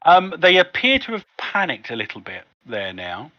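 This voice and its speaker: A man's voice: on the high side, huge pitch swings, sharp tone, dry recording, highs cut off. A man running a tabletop game as game master, narrating scenes with frequent ums. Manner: descriptive, unhurried with fillers.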